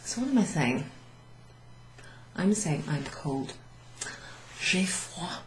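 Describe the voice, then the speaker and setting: A woman's voice: fairly low pitch, sing-song, slow, a little hiss or hum. A woman teaching a beginners' French recap, explaining patiently and switching between English and French. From Wales. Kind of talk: relaxed classroom recap lesson. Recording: echoey room with faint background.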